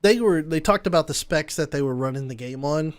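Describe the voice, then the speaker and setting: A man co-hosting a relaxed gaming podcast who jumps in with eager comments. His voice sits slightly high for a man. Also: a little fast, smooth. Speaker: podcast co-host. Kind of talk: casual gaming podcast chat.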